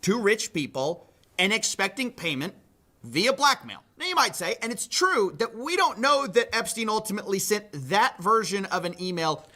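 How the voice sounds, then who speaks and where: A man's voice: high-pitched, expressive, normal speed, bright, forceful tone. A man hosting a commentary show, reading out reports and quotes with sardonic asides. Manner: sardonic, reads quotes aloud. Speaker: commentary host.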